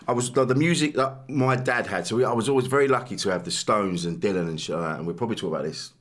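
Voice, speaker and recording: A man with a lowish voice hosts a casual chat. He agrees eagerly and swears freely. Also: very fast, fairly bright tone. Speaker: podcast host.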